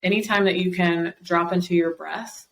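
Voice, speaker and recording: A woman's voice: fairly low pitch, steady tone, moderate pace, a little hiss or hum, low-quality recording. A woman guest on a podcast, encouraging and explaining at length with frequent fillers. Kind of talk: casual podcast conversation.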